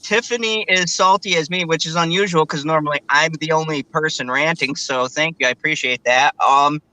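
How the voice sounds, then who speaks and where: Bright, high-voiced ranting man. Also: a little fast, dry recording, low-quality recording. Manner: animated, stammering, ranting. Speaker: regular co-host. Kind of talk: casual ranting chat.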